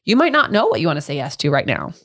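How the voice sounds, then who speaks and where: A woman's voice: sits low, huge pitch swings, rapid-fire, a bit bright, slightly rough. A woman in her thirties co-hosting a podcast, talking in a frank, upbeat way and swearing casually. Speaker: podcast co-host.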